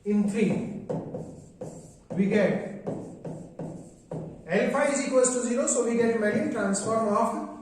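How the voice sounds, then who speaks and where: A man giving a mathematics lecture, dictating formulas slowly step by step and repeating phrases. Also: extremely high pitch, soft background music. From India. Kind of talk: classroom lecture. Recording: very echoey room, voice far from the mic.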